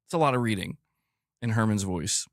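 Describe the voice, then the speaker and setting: A man's voice: on the low side, lively intonation, fairly quick, dry recording, clean studio sound. A man hosting a casual gaming news show, joking and self-mocking as he reads. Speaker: host of a gaming news channel.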